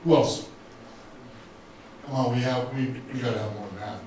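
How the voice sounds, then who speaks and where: A man in his fifties, speaking at a business event, gives an emotional, earnest motivational talk straight to a live audience in an event room. His mid-range voice is a little mellow, with fairly even intonation and a moderate pace. The recording is very echoey, his voice sounds far off, and there is faint ambience and slight background noise.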